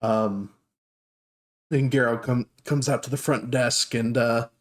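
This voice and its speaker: A man's voice: medium pitch, fairly even intonation, slow. A man narrating a fantasy tabletop game as game master, in a loose, filler-heavy way.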